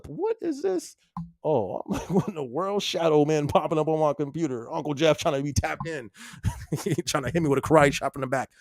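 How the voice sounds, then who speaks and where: A man's voice: fairly high pitch, no echo, studio quality. A young man hosting a live podcast, chatting casually in slangy, loose talk and laughing often. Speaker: podcast host. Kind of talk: casual live-stream chat.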